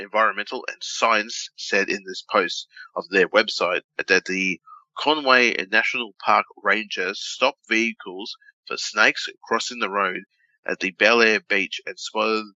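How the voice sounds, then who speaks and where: Bright-voiced Australian man, profane and loose. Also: on the low side, dry recording, muffled recording. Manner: loose and profane, restarts often. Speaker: podcast co-host. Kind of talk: casual chat, reading a news story aloud.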